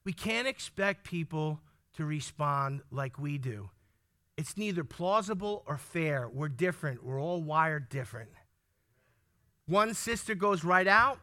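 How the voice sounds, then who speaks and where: A man preaches a sermon emphatically, firing questions at the congregation, repeating key lines, and stumbling over words when worked up. His voice is a little high, animated, bright, and forceful, at a measured pace.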